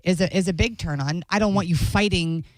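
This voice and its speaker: A woman's voice: fairly low pitch, brisk, no echo. A woman co-hosting a radio talk show, speaking frankly and emphatically in casual chat. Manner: frank, emphatic, asks questions back.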